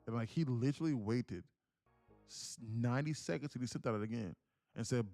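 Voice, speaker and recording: A man livestreaming his day trading, telling stories in a slangy, animated way at home. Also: medium pitch, fairly quick, soft background music. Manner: animated storytelling, slangy, calls people bro. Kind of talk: casual livestream chat.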